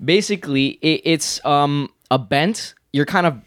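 A man's voice: a little high, measured pace, fairly bright tone, no echo, studio quality. Hyped-up man hosting a faith podcast. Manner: upbeat, hyped, playful banter. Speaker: podcast co-host. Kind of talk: casual faith podcast chat.

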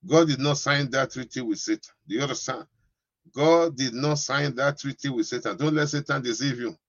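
A man's voice: mid-range voice, normal speed, no echo, muffled recording. A man preaching a sermon as pastor, giving commands to the congregation and breaking into speaking in tongues.

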